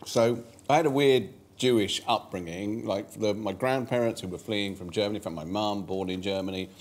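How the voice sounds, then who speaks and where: A man's voice: fairly low pitch, normal speed. Wry, chatty English man. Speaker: guest. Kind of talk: casual dinner conversation.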